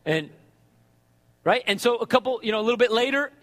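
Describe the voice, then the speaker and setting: Male preacher, high voice, wide swooping pitch, long hall reverb, conversational sermon. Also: a little fast. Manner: animated, conversational, asks "right?" often.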